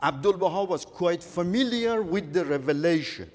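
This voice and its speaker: A man giving a conference talk, halting and earnest, often repeating words as he goes. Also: high voice, lively intonation. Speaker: conference speaker. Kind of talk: lecture on religious history. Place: large conference hall. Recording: echoey conference hall.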